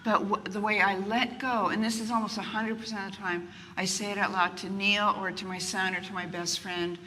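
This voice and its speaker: A woman's voice: mid-range voice, brisk, a little hiss or hum. An older woman speaking candidly in an interview, telling self-mocking stories and acting out what people say, before a live group. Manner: animated, self-mocking, acts out quotes. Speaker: guest author. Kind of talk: candid conversational storytelling. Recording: distant reverberant room, faint ambience.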